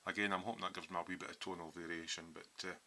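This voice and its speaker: A man's voice: sits low, fairly even intonation, rapid-fire, bright, forceful tone, slight background noise. A man in a home hobby workshop, casually walking through his model build with lots of ums as he explains his thinking.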